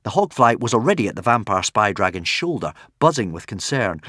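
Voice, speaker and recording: A man reading a children's adventure audiobook with lively, dramatic expression and playful asides to the listener. His pitch rises and falls a great deal, and the recording is dry and close. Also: brisk, hardly any pauses, no echo. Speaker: audiobook narrator. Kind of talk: expressive storybook narration.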